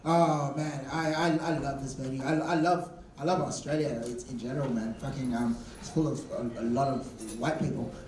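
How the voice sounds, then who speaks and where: A man's voice: medium pitch, steady tone, moderate pace, few pauses, distant mic, crowd noise. A man doing a live stand-up comedy set, telling crude, swearing stories with stammered restarts. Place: comedy club stage. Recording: roomy club sound from off-mic, with audience noise. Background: audience laughter.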